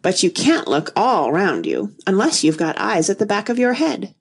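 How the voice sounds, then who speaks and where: A woman's voice: medium pitch, sing-song, normal speed, gravelly, breathy edge, full character voice. A woman voicing an old sheep who keeps a shop and knits, speaking with dry, tart questions. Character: old female sheep shopkeeper, knitting, tart.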